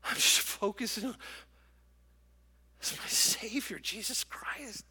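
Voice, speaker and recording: A middle-aged man preaching a sermon to a congregation, telling stories in an animated, emotional way. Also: high voice, takes it slowly, gravelly, pauses often, slightly rough. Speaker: pastor. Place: large church auditorium with congregation. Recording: long church hall reverb.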